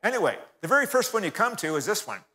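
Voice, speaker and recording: A man's voice: sits high, very animated, quick pace, sharp tone. A man giving a folksy, sermon-style history talk in a church, often turning to the audience and calling them folks. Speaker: guest speaker. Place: church hall. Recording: reverberant church hall.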